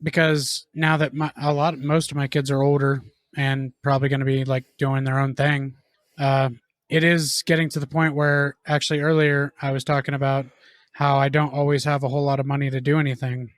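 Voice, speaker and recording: Flat-voiced deadpan man. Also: mid-range voice, a little fast, no room sound. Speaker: podcast co-host. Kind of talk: casual chat.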